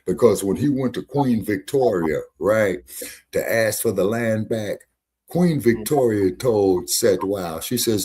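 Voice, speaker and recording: A man co-hosting a casual talk show, telling an animated, profane story and often asking if listeners follow. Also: fairly low pitch, unhurried, breathy edge. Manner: animated storytelling, profane, repeats tags like "you see what I'm saying". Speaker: co-host. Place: Las Vegas.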